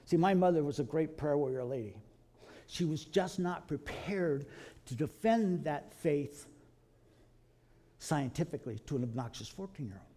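A middle-aged man from Kentucky, telling animated stories to a live audience in a folksy preaching style, calling the listeners folks. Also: a little high, normal speed. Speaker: creationist speaker.

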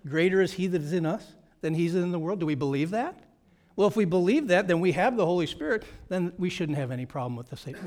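High-voiced man preaching emphatically. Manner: emphatic, conversational preaching with repeated phrases. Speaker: pastor. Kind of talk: sermon.

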